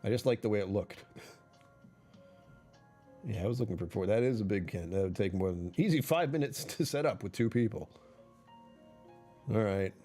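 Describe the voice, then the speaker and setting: A man's voice: on the low side, lively intonation, normal speed, pauses often, dark tone, soft background music. A man chatting casually on a livestream, rambling and correcting himself, often laughing mid-sentence.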